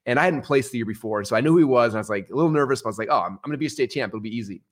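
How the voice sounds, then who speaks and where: A middle-aged man, a podcast guest, telling stories in a casual, animated way. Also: medium pitch, racing. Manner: animated, swings into excited outbursts. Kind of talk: casual storytelling.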